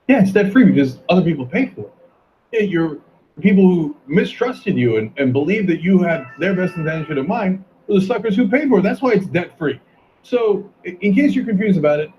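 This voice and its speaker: A man hosting a video commentary, talking in a sarcastic, mocking way and sometimes breaking into shouts. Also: high-pitched. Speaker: commentary host. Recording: dull lo-fi sound with faint noise.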